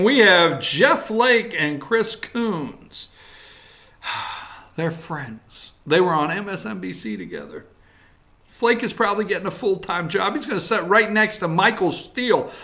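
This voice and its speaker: A man hosting a morning talk show, reading headlines aloud and joking about them in a casual, animated way. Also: high voice. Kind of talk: casual political commentary.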